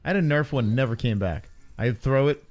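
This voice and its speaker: A man's voice: medium pitch, brisk, a little mellow. A man co-hosting a casual podcast, joking and teasing. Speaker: podcast co-host.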